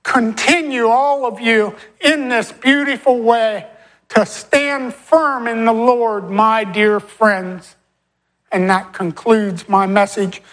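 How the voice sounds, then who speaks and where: A woman preaching a farewell sermon, slowing down and stretching key phrases and repeating short refrains. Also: on the high side, poor audio.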